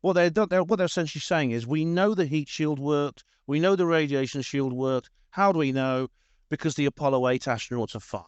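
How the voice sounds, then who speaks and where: A man's voice: fairly high pitch, a little fast, clear, resonant tone, dry recording, lo-fi sound. Emphatic co-host man, casual talk, dry recording. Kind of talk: casual discussion.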